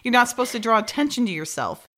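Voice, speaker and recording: A woman's voice: on the high side, fast. A woman co-hosting a podcast, chatting through an episode recap with lots of laughs and fillers. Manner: animated, giggly, many fillers. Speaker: podcast co-host.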